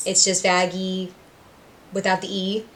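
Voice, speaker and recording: A woman's voice: medium pitch, completely flat delivery, measured pace, slight background noise. A young woman from Puerto Rico chatting casually and emotionally as she recaps a show for her reaction video, with many fillers.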